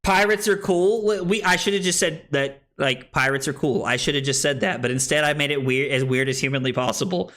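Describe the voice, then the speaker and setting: A young man with a bright, slightly high voice streams a card game live. He talks through each play and chats with viewers, teasing himself along the way. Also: brisk, few pauses. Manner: playful, self-deprecating, chatting with viewers while playing.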